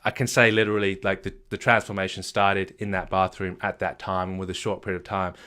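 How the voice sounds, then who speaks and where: A man with a fairly low voice telling his personal story to an audience. He is earnest and emphatic, often repeating himself and restarting his sentences. He sounds middle-aged and speaks as a coach. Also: level tone, brisk, pushed and bright, clear, resonant tone. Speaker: marriage coach.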